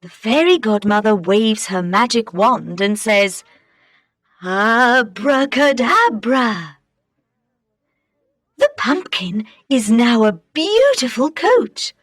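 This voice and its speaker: A woman narrating a simple storybook for English learners, reading clearly and carefully. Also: a little high, big pitch swings, unhurried, few pauses, dry recording, clean studio sound.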